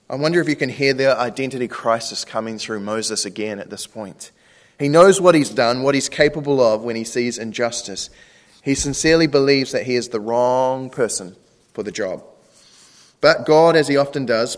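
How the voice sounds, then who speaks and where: A man's voice: mid-range voice, moderate pace. A man, a pastor preaching a sermon in a conversational way, often asking rhetorical questions. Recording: long reverb.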